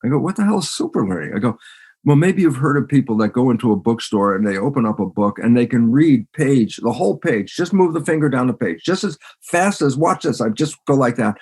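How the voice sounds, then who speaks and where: A man, a biologist and podcast guest, talking in a lively storytelling way, acting out quoted lines and laughing between sentences. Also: medium pitch, brisk, breathy edge. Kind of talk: animated storytelling interview talk.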